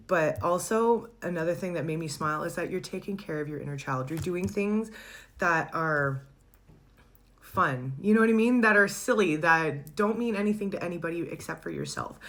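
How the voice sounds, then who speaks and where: Woman, low voice, casual tarot reader, chatty, laughs a lot. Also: a little hiss or hum. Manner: chatty, warm-hearted, laughs often, searches for words.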